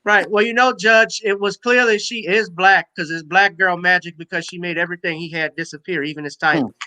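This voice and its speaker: A man's voice: high-pitched, fairly even intonation, brisk, sharp tone, low-quality recording. A man hosting a casual live-stream panel, chatty and laughing, with many hesitant fillers.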